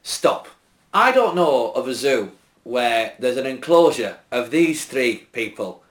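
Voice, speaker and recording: A man's voice: mid-range voice, sing-song, takes it slowly, fairly bright tone. A man co-hosting a comedy podcast, teasing and interrupting with playful banter. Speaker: podcast co-host.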